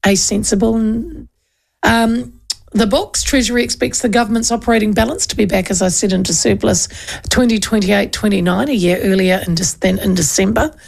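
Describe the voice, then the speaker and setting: With a medium-pitched, creaky, darkish voice at a moderate pace, a woman hosts talk radio in a New Zealand accent. She chats loosely and runs through the news, frequently starting over mid-thought.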